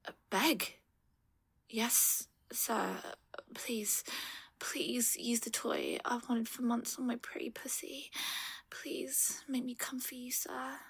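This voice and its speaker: A young woman in a breathy, pleading whispered role-play, gasping between words. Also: a little high, level tone, takes it slowly.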